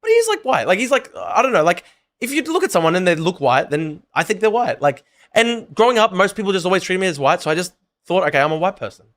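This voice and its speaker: A man with an Australian accent, debating casually as a guest and talking in quick bursts full of restarts and "like" fillers. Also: high voice, lively intonation, fairly bright tone. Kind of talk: casual live-streamed debate.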